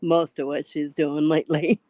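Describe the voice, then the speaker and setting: Slow-talking woman co-host. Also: low voice, steady tone, dark tone, no echo. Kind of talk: casual live-stream chat.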